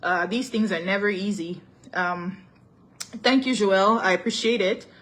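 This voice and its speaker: A woman's voice: mid-range voice, unhurried, a bit bright. A young woman with a Cameroonian accent hosting a casual live-stream talk show. She greets commenters by name and moves easily between English and French, laughing often.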